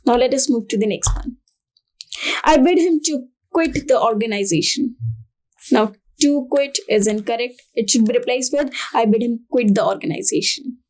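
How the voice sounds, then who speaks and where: A woman's voice: a little high, moderate pace, darkish tone. A woman with an Indian English accent teaching a grammar lesson, going step by step through example sentences. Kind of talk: grammar lesson for exam prep.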